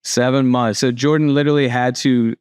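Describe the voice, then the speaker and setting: A man's voice: mid-range voice, steady tone, fairly quick, a little mellow, clear, resonant tone, dry recording. An upbeat man hosting an interview podcast, his voice sitting in a middle range. He talks in a chatty, friendly way and often restarts mid-sentence. The sound is dry and close to the mic. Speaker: podcast host.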